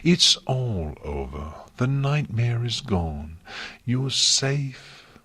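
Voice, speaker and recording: A man reading an audiobook, voicing a gentle, motherly pony princess who speaks softly and soothingly. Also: medium pitch, very animated, extremely slow, slightly rough, no echo, pitched above the performer's own voice, heavily acted. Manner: soothing, soft.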